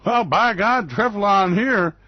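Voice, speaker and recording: A man's voice: sits high, slow pace, no echo, pitched above the performer's own voice. A man putting on a folksy, drawling farmer. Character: folksy male farmer, brushing off the losses. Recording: muffled lo-fi recording.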